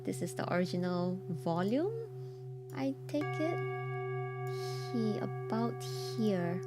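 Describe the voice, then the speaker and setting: A woman streamer with a hoarse, croaky voice, chatting casually and reacting expressively to horror stories, quick to laugh and repeating her exclamations. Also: medium pitch, lively intonation. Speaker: streamer hosting a story night. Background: soft ambient music.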